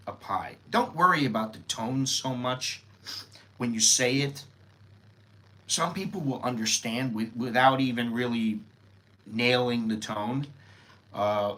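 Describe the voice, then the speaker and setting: A man's voice: medium pitch, pushed and bright. Casual American man teaching phrases. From United States. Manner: rambling, informal, thinking aloud with fillers. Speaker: host teaching Thai phrases. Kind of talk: casual live-stream language lesson.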